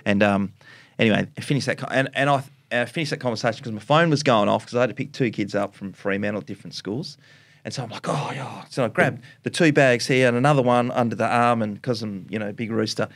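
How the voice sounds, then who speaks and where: An Australian man in his forties, a former footballer and podcast guest, telling stories in an animated way and acting out the voices. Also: mid-range voice, fast talker, no room sound. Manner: animated storyteller, acts out voices, laughs often. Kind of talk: casual chat, anecdote telling.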